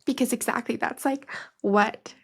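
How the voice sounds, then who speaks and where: Her voice on the high side and slightly rough, a young podcast host recalls personal memories at a slightly slow pace with a steady tone. She rambles with many fillers, crying at times and laughing through her tears.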